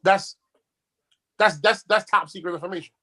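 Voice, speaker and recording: A man's voice: sits high, steady tone, normal speed, bright, forceful tone, low-quality recording. A man in casual talk, telling streetwise stories and repeating words as he starts his sentences. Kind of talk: casual chat.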